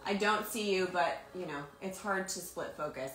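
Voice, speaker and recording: A woman with a bright, forward voice chats and teases in quick asides during a live autograph session. Her voice rings in a roomy space, with faint music playing behind her. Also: fairly low pitch. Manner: chatty, teasing, quick asides. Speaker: actress signing autographs. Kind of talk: casual livestream chat.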